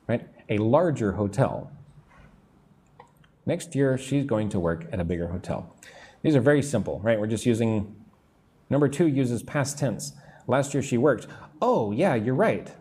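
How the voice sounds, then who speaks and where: A male English teacher giving a live-streamed lesson. He speaks slowly and patiently and stretches out his words. His intonation swings up and down a lot as he reads out comments from viewers. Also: mid-range voice, lively intonation, darkish tone. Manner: drawn-out, patient teacher delivery.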